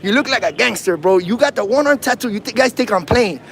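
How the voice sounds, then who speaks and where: In a livestreamed street confrontation, a first amendment auditor films police on a handheld phone outdoors in a city, mocking and provoking them in slang. He talks fast in a high, fairly bright voice with lively intonation.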